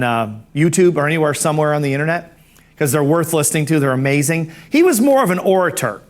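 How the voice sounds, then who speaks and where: A middle-aged man teaching a speaking course, telling anecdotes in a conversational way that often repeats words and restarts phrases. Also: fairly high pitch.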